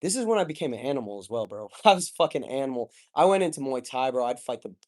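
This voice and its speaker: A man's voice: medium pitch, animated, fast talker. A young man in his twenties as a podcast guest, telling a personal story openly and with feeling, swearing casually and saying "like" and "bro" a lot. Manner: open, emotional, swears casually, says "like" and "bro" often.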